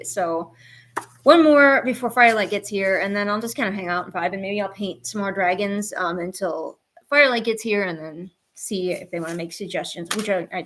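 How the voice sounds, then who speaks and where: A slightly bright, mid-range female voice comes through with a little hiss or hum. She's an art streamer chatting casually on a live stream while she draws at home, talking to her viewers, her cats, and the chat.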